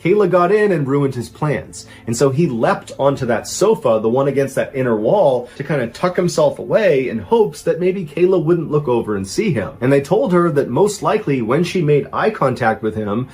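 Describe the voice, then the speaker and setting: A man telling a true crime story as host, with animated, dramatic emphasis. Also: medium pitch, normal speed, hardly any pauses.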